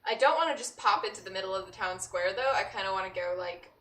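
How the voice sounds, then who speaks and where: A woman playing in a tabletop game, chatting in an animated way and speeding up when she gets excited. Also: mid-range voice, fast. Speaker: player. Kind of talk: casual chat in a tabletop game. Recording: echoey, mic at a distance, faint noise.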